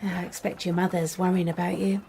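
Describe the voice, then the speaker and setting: An actress playing a kindly, shrewd middle-aged mother who chats warmly and probes gently in a radio drama. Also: on the low side, little pitch movement, brisk, gravelly, a little hiss or hum. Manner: warm, chatty, gently probing.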